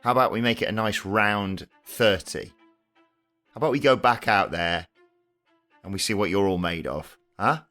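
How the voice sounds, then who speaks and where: A man's voice: lowish voice, moderate pace, pushed and bright, faint music behind. A man voicing a brash young male pro wrestler, blustering and stammering. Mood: defiant. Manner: blustering, stammering when scared.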